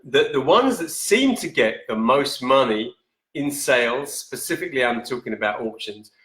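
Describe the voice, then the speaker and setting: Man, live-stream host, casual chat, self-correcting, bright voice, echoey room. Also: medium pitch, expressive, moderate pace. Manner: chatty, reads viewer comments aloud, corrects himself. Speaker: host of a live whisky show. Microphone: camera in front, steps out of frame.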